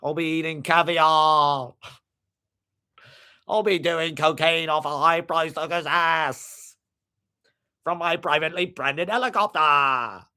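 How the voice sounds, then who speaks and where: A man putting on a sneering, wealthy male TV host, high and exaggerated. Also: fairly even intonation, takes it slowly, pauses often, pushed and bright, clean tone, full character voice. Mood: gloating, taunting. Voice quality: high, mocking, exaggerated drawl. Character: sneering rich male TV host, Australian-style, gloating.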